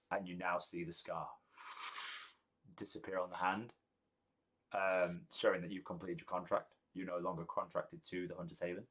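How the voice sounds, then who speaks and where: A man's voice: low voice, flat delivery, moderate pace, fairly bright tone, slight background noise, low-quality recording. A man narrating a tabletop game as game master, hesitant and full of ums, laughing often.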